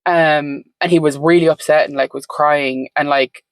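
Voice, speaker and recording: A woman's voice: low-pitched, steady tone, normal speed, no echo, rough recording. A woman telling her story as a podcast guest in a reflective, meandering way, full of "like" and "um". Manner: reflective, meandering, frequent "like" and "um" fillers. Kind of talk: conversational storytelling.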